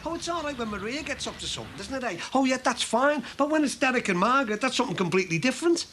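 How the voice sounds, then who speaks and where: A mouthy middle-aged shopkeeper, sarcastic and quick to rant. His voice sits high and bright, with wild swings in pitch. It is a scene from a TV soap opera. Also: very animated, slight background noise, exaggerated voice. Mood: heated. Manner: blunt, sarcastic, ranting.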